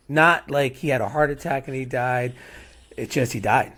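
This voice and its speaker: A middle-aged man hosts a heartfelt podcast chat. He rambles through long stories and tags nearly every thought with "right?". His voice sits at an ordinary pitch. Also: normal speed, a bit bright. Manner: rambling, repeats "right?" often. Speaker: podcast host. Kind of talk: casual heartfelt conversation.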